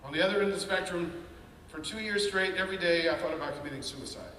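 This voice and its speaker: A man with a fairly high voice tells his own story with earnest candor, acting out the anxious voices in his head. He sounds set back from the mic. A long hall reverb and a faint room hum hang around every word. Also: fast talker, sharp tone. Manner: candid, earnest storytelling with quoted inner voices. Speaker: speaker sharing his story. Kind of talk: personal testimony talk. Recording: echoey hall, mic at a distance.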